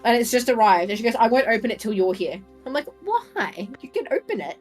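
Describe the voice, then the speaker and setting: A woman playing a casual tabletop game, animated and swearing freely as she chats and narrates her character. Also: a little high, fairly quick, soft background music. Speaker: player.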